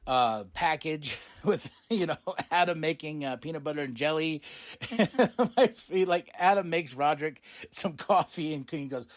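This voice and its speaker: A man hosting a podcast, casually recapping a show, excitable, laughing often and swearing freely. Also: a little high, normal speed, few pauses. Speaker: podcast host.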